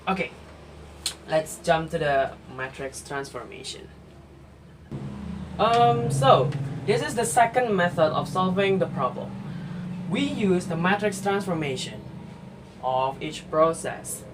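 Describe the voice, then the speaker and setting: Man, slow halting math explainer, distant mic with AC hum. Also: on the high side, sing-song. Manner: slow, halting, step-by-step with fillers and self-corrections. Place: indoor room.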